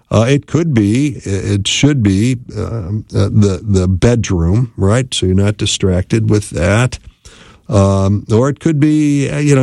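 A man's voice: lowish voice, vocal fry, darkish tone, dry recording, clean studio sound. A middle-aged man hosting a casual radio show, a marriage counselor who rambles in a folksy way and repeats words for emphasis. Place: radio studio.

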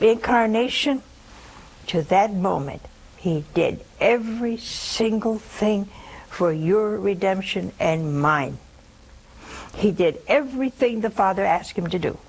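Lively older woman preaching slowly. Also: medium pitch, slight background noise, low-quality recording. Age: 70s. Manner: reflective, drops to a whisper for quoted words. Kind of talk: sermon.

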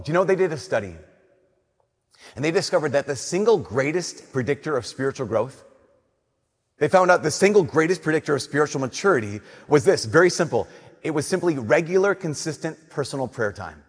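A man preaching a conversational sermon, telling stories and slowing down softly on his key points. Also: on the high side, lively intonation, husky, long reverb tail.

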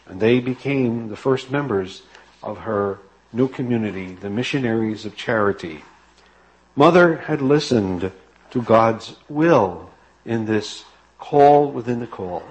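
A man preaching a sermon, narrating and exhorting in a calm, measured way. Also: medium pitch, slightly rough, low-quality recording.

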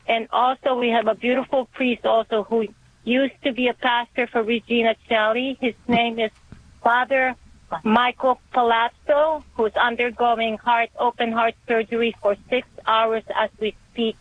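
A woman's voice: a little high, flat delivery, normal speed. A woman calling in to a radio show to ask for prayers, speaking earnestly and devoutly. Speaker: caller. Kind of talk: phone-in prayer request. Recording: tinny phone line.

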